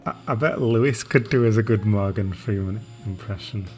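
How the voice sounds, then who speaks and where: A man streaming a game live, chatting casually and narrating what he does in a relaxed way. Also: lowish voice, moderate pace, a little hiss or hum. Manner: relaxed, narrating his gameplay.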